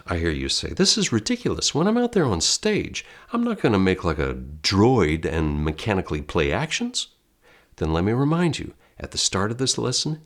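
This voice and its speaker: A deep-voiced American man who teaches acting in an online lesson, his pitch swinging widely as he talks. He speaks straight to the viewer in a direct, theatrical way, as if addressing a class.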